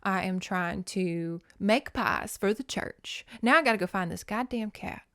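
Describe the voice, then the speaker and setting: A woman's voice: medium pitch, measured pace, a bit bright, no room sound, clean studio sound. A woman voicing an exasperated, clever teenage girl in a dramatic, lightly raised voice while recapping a story.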